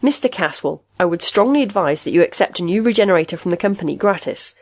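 A woman narrator playing a doubtful male official in a storybook who speaks formally and with measured care. The voice sits low, with a husky, breathy grain. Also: animated. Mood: stern.

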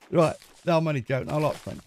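A man's voice: fairly high pitch, creaky, darkish tone, slight background noise. A man chatting casually to himself as he plays a video game, joking and muttering along the way. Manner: chatty, jokey, talks to himself while playing. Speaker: gaming video host. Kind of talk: casual let's-play commentary.

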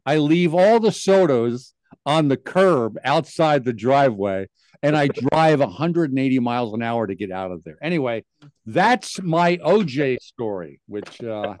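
An older man hosting a casual talk show, telling a story with lively acted-out quotes. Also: mid-range voice, dry recording. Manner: animated storyteller, acts out quotes. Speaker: podcast host.

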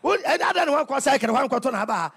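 A Ghanaian man hosting a radio talk show, preaching in an animated, sing-song way that often breaks into shouting. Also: extremely high pitch, fast talker, vocal fry. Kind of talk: lively preaching on radio, mixing local language with English. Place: radio studio.

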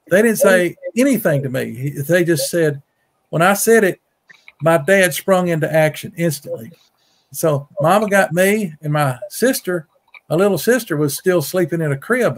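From his rural farm home, a middle-aged Mississippian with a drawl rambles through a long story as a guest storyteller and Bigfoot researcher, his intonation lively and pace moderate. His voice sits a bit high for a man, and he repeats words in a folksy manner. Quoting anyone else sends his pitch higher still.

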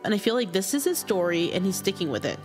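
A woman's voice: medium pitch, sing-song, in a large hall, faint music behind. Reflective woman telling her life story. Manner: reflective, halting, earnest. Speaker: interviewed writer. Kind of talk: personal storytelling.

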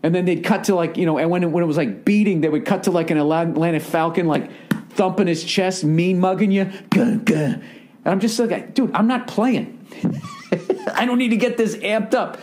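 A man's voice: high-pitched, a little fast, a little mellow. A middle-aged man, telling a rambling, profane comedic story as a podcast host. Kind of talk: casual comedic monologue.

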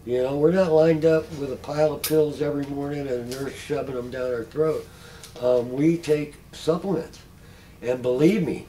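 A man's voice: fairly high pitch, unhurried, a little mellow, slight background noise, low-quality recording. A middle-aged man talking to a group in a casual, folksy way, telling anecdotes and often chuckling. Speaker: patient speaker. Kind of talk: casual storytelling talk.

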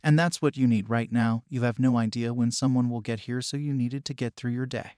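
A man reads a second-person romance story in a steady, unhurried storybook delivery. His voice sits at a middling pitch. The recording is dry, with no audible room. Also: no room sound. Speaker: narrator. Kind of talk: second-person fan fiction reading.

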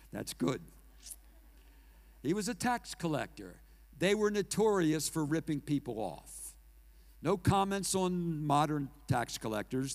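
Dramatic slow-preaching male pastor. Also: medium pitch. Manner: dramatic, swings from loud declaring to hushed near-whisper; asks the congregation questions. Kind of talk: sermon.

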